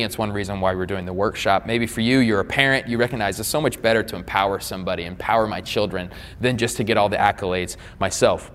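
A man's voice: fairly low pitch, quick pace. A man preaching as a pastor in a conversational style, often restarting his sentences and dropping in asides to the congregation. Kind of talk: sermon. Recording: long reverb of a hall.

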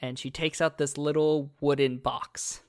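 A man's voice: on the high side, flat delivery, a little slow, darkish tone, smooth, no room sound, clean studio sound. A man narrating a tabletop game as game master, casual and full of fillers. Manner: casual, many fillers and restarts.

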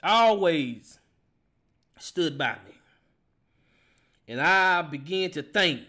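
A man in his forties telling a personal testimony as a podcast host, emotional and halting, often repeating words as he speaks. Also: a little high, lively intonation, bright, forceful tone. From Kentucky. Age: 40s.

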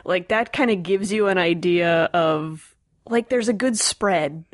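A woman's voice: lowish voice, measured pace, dry recording, studio quality. A woman co-hosting a casual chat, enthusiastic, laughing and tripping over her words.

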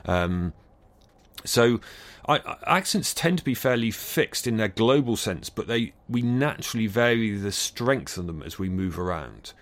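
Thoughtful Bristol-accented man, fairly low voice. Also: animated, unhurried. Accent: Bristol English. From England. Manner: thoughtful, hesitant with many restarts. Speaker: acoustics scientist guest. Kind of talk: interview answers. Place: recording studio.

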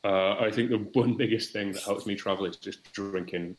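Podcast guest: man, rambling wry chat, slightly low voice, roomy echo. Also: fairly even intonation, moderate pace. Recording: echoey room.

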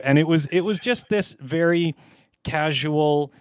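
A man's voice: fairly high pitch, a little slow, fairly bright tone, a little hiss or hum. A man hosting a casual podcast interview, talking with lots of fillers and restarts. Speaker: podcast host.

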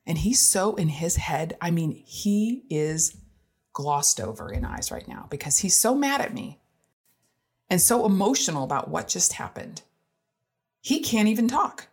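A woman in her thirties or forties talks straight to the listener as a parent, frank and self-deprecating. Her voice sits a little low, and she laughs easily as the story runs on. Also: animated, measured pace, slightly rough. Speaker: parent sharing experiences. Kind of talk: candid storytelling monologue.

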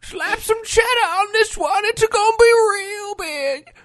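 A man putting on a cranky old man with a slow, drawn-out drawl. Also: very high voice, a bit bright, pitched above the performer's own voice. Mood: gruff.

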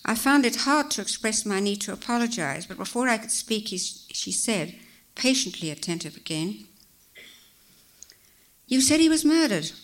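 A woman reading a story aloud as narrator, in a measured, expressive way. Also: mid-range voice.

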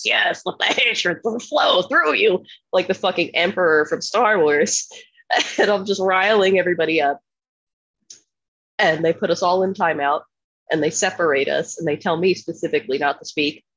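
A woman from Philadelphia telling a profane, animated story in casual podcast chat, laughing often. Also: fairly low pitch, slightly rough, no echo, muffled recording. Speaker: podcast co-host.

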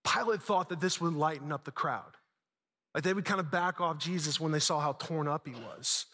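A man's voice: fairly high pitch, normal speed, bright, forceful tone, in a large hall. A man preaching a sermon, retelling a story dramatically with casual asides. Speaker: pastor.

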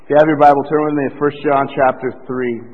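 A man's voice: medium pitch, little pitch movement, quick pace. A man preaching a sermon as a pastor, in a conversational style, acting out the voices he quotes. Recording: tinny, band-limited sermon recording in a reverberant hall.

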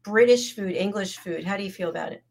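A woman's voice: mid-range voice, fast, vocal fry, a little mellow. A woman hosting a casual talk show, friendly and steering the conversation with questions.

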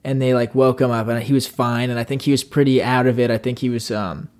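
A male podcast co-host with a medium-pitched voice and quick pace spins a long, rambling story during casual chat. He's animated, playing the people in the tale and yelling out their voices.

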